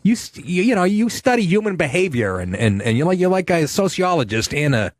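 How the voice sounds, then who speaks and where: A man with a fairly high voice hosts a comedy podcast, and his pitch jumps all over as he jokes and reacts. The mic sound is dry and close, with no room in it. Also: a little fast, dry recording. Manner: animated, incredulous, joking. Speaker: podcast host. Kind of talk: casual comedy podcast chat.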